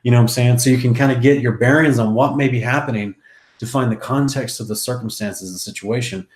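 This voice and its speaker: A man's voice: medium pitch, steady tone, fast talker. Chatty man in an echoey room. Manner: chatty, jokey asides. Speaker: Bible study host. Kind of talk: casual scripture reading and commentary.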